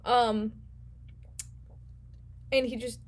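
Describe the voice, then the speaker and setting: A woman's voice: on the high side, flat delivery, extremely slow. A woman casually recapping a book as a vlog host, playful and rambling with slang. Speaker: book vlogger.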